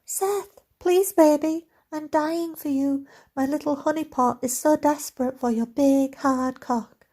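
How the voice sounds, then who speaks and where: A woman voicing a breathless romance heroine, a Scottish man's squeaky high impression of her, begging and overwrought. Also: steady tone, measured pace, dark tone. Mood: pleading.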